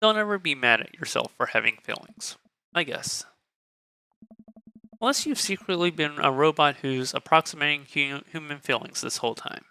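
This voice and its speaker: A man's voice: fairly high pitch, animated, normal speed, sharp tone, smooth. A male streamer reading a dating game aloud in a candid, joking way.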